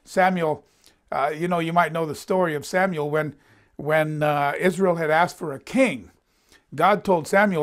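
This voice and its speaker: A man delivers a Bible teaching in a conversational tone, his voice sitting a little high. He reads scripture passages aloud, then comments on them, lifting the quoted lines with extra emphasis. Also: normal speed. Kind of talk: conversational sermon. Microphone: presenting in front of a board.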